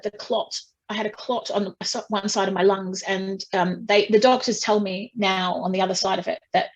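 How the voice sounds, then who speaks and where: A woman's voice: mid-range voice, rough recording. A woman with an ordinary mid-range voice, telling a personal story as an interview guest. She speaks frankly, with frequent fillers, restarts and a wry, self-deprecating edge.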